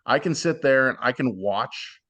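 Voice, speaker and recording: A man's voice: medium pitch, lively intonation, moderate pace, a bit bright, dull audio. A man giving blunt, plainspoken advice as a guest in a casual podcast interview. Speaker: podcast guest, former cooking show contestant.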